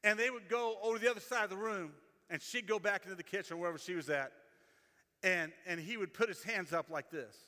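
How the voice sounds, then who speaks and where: A man preaching with a high, bright voice that rings out through a large hall's long reverb. He talks to the congregation conversationally, telling stories and repeating phrases for emphasis. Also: fast talker. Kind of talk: sermon.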